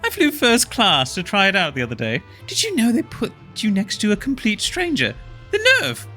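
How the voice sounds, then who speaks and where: A woman's voice: mid-range voice, huge pitch swings, moderate pace, a bit bright, faint music behind, voice pushed up. A woman voicing a snobbish wealthy male investment tycoon in a haughty, pompous manner.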